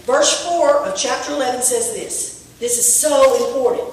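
A woman preaching a sermon in church, telling a story and rising to shouts on key points. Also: high voice, moderate pace, hardly any pauses, a little hiss or hum. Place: church sanctuary. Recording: echoey room from far off.

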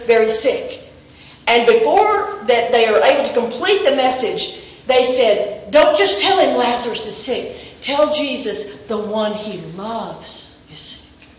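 A woman preaching a sermon to her congregation, animated and asking them questions. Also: a little high. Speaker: pastor. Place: church sanctuary. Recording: echoey room, voice from a distance.

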